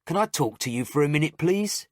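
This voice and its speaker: A polite, businesslike hospital doctor, as a male reader voices him, a little higher than the reader's usual voice. He speaks slowly and politely, in brisk, short questions. The recording is dry and close. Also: animated, husky, no echo.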